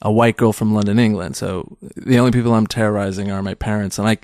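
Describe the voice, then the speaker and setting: A man's voice: lowish voice, fairly even intonation, fast talker, a little mellow, no echo, clean studio sound. A man in his thirties, a stand-up comedian, chatting in an interview in a rambling, self-deprecating way full of restarts. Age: 30s. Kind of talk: casual interview chat.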